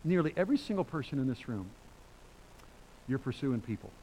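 A man preaches to his congregation in a conversational, emphatic way, breaking into loud bursts. His voice sits in a middle pitch. A faint hiss runs under the recording. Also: big pitch swings, brisk, poor audio. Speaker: pastor. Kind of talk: sermon.

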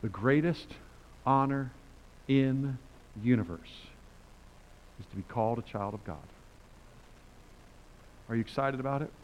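Older male pastor, mid-pitched, lively conversational sermon delivery, lo-fi sound. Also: measured pace, long pauses, slight background noise. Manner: animated, conversational preaching with quoted voices. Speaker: preacher.

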